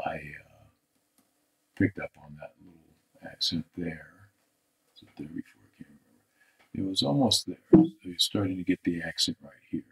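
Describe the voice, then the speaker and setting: Critiquing a drawing live, a male art instructor speaks in a low-pitched, creaky yet animated voice. He's thoughtful and halting, frequently drifting off into soft mutters, and the audio quality is poor.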